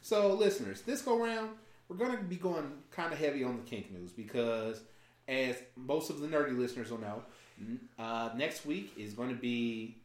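A man's voice: medium pitch, normal speed. A man hosting a podcast in casual banter, joking and laughing often. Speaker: podcast host. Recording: roomy echo, faint noise.

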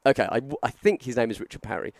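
A young man telling a story on a podcast, animated, acting out quotes with lots of fillers and restarts. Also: medium pitch, racing, vocal fry, no room sound, clean studio sound. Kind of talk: casual storytelling chat.

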